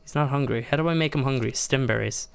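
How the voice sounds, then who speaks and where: A man doing let's-play commentary in a gravelly, mid-pitched voice. He talks himself through every move of his survival game, his voice leaping up high whenever things go wrong. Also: quick pace. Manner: exasperated, self-narrating, laughing at mishaps; jumps much higher in pitch when upset. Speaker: gaming YouTuber.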